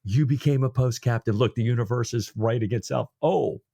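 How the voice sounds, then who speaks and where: Speaking at medium pitch and a brisk pace, a man co-hosting a podcast chats casually about a novel. The sound is studio quality with no room sound, and he animatedly performs the characters' dialogue.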